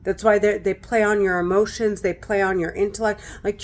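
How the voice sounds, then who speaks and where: A woman's voice: medium pitch, little pitch movement, a little fast, few pauses. A middle-aged woman speaking straight to camera, distressed and close to tears, talking in an agitated, repetitive way with a lot of swearing. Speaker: vlogger. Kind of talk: agitated direct-to-camera monologue.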